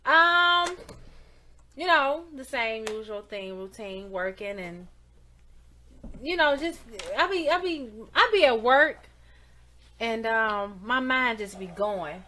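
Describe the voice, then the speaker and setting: A woman's voice: fairly high pitch, expressive, takes it slowly, long pauses, pushed and bright, a little hiss or hum. A woman co-hosting a casual podcast in a small studio, chatty and giggly, with trailing fillers. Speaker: co-host.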